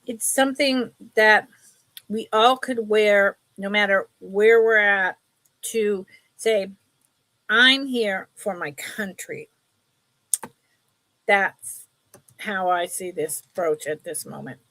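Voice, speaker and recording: A woman's voice: mid-range voice, slow pace, fairly bright tone, dry recording. A woman hosting a casual live sale from her table, chatty and rambling, laughing often as she shows items. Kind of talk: casual live selling stream.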